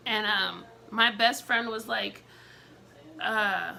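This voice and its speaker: Slow-talking, bright-voiced young woman. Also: medium pitch, steady tone, gravelly, a little hiss or hum. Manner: candid, emotional storytelling with many fillers. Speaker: vlogger telling a personal story. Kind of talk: casual storytime vlog.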